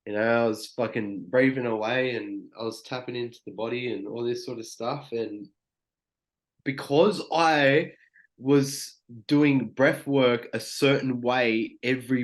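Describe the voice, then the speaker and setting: A young man speaks as a podcast guest in a loose, rambling way. He leans on "like" as filler and swears freely, at an ordinary middle pitch. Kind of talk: casual podcast chat.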